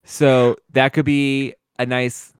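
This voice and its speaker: Relaxed man hosting a casual podcast. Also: medium pitch, slow pace, slight background noise. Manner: relaxed, steers the talk by reading listener picks. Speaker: podcast host. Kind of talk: casual fan discussion.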